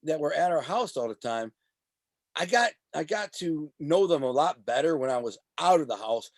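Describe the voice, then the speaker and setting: Animated man telling street stories, slightly high. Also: normal speed, no room sound. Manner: animated, profane street talk; acts out voices of the people in his stories. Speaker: former mob associate telling his story. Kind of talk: casual storytelling interview.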